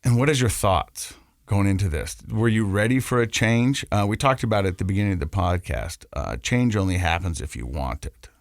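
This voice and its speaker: A man hosts a podcast interview, recapping the story casually before he asks. His voice sits fairly low. The recording is dry and close. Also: animated, brisk, no room sound. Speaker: podcast host. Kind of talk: interview questions.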